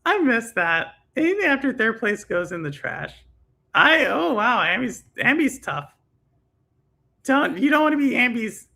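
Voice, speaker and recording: Chatty, bright-voiced woman stream host. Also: a little high. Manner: chatty, laughing, lots of fillers. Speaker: stream host reading chat. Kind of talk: casual live-stream chat.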